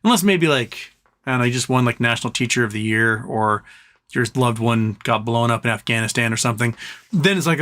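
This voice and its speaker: A man hosting a live stream, rambling in a relaxed way and reading out viewer comments. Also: mid-range voice, fairly quick. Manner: rambling, laid-back, reads chat comments aloud. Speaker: livestream host. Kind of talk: casual livestream chat.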